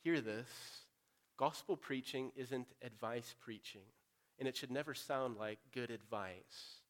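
Unhurried and medium-pitched, this male pastor preaches earnestly and directly, alternating loud calls to action with quiet, urgent appeals.

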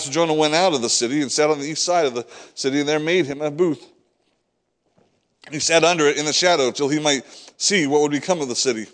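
A man's voice: a little high, fairly bright tone. A man preaching a sermon, reading scripture and acting out the prophet's prayers, repeating words as he builds each point. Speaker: pastor.

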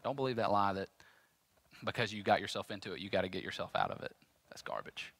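A man's voice: lowish voice, fast talker, fairly bright tone, no room sound. A man pastor preaching a sermon in an emphatic, repetitive, conversational way.

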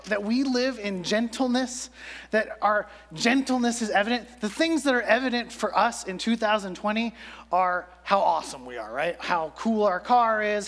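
A young male pastor with a high, fairly bright voice preaches to a youth congregation in a chatty, conversational style. He peppers his sermon with "like" and acts out quotes as he goes, and the recording carries a long hall reverb.

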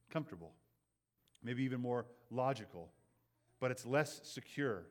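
Earnest preaching man, mid-pitched. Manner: earnest preaching with frequent "right?" asides and repeated words. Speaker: pastor. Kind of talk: sermon.

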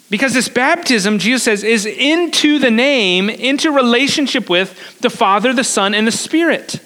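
A man's voice: very high voice, bright, forceful tone. A man preaching a sermon to a congregation, explaining step by step, repeating words as he goes and putting questions to his listeners. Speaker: pastor. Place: church service.

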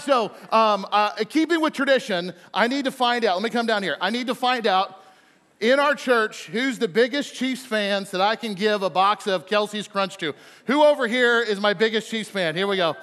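A man with a notably high voice preaches a loose, good-humored sermon, breaking off for quick jokes and stumbling through fillers. He is miked in a big church sanctuary, and a long hall reverb trails every phrase. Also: a bit bright. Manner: chatty and playful, with frequent fillers and quick jokes. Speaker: pastor. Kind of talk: casual, joking sermon to a congregation.

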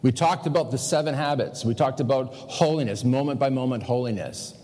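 A man's voice: mid-range voice, a little fast, a little mellow, big-room sound. A male pastor preaching a practical sermon in a conversational way, asking the congregation rhetorical questions. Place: church sanctuary.

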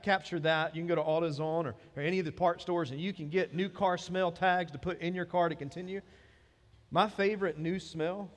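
A man with a Southern American accent preaching a sermon as pastor of a church, in a conversational way that builds to emphatic points. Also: fairly high pitch. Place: church sanctuary. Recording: long hall reverb.

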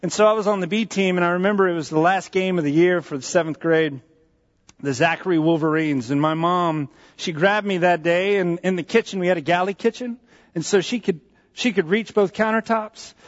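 A man with a fairly high voice preaches from a church stage, telling a personal story in an animated, repetitive way. His voice carries a long hall echo and sounds dull and muffled. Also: a little fast. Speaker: pastor. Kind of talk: sermon storytelling.

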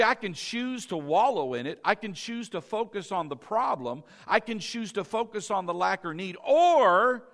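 A man preaching a sermon as pastor, fervent, swinging from soft asides to loud exclamations. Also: high voice.

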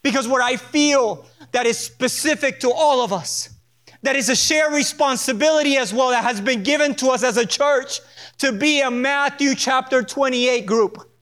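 High-voiced man preaching a sermon. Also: a bit bright. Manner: earnest, emphatic preaching with repetition and asides. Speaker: pastor. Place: church sanctuary.

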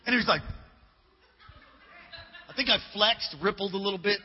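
A man's voice: high voice, animated, fairly quick, long pauses. A male pastor preaching a sermon, telling stories emphatically and casually, acting out the dialogue. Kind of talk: sermon with storytelling. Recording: long reverb, dull lo-fi hall recording.

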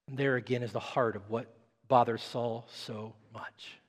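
A male pastor preaching a sermon with dramatic swings between hushed, quiet passages and loud, emphatic ones. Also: mid-range voice, steady tone, a little slow, long reverb tail. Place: church.

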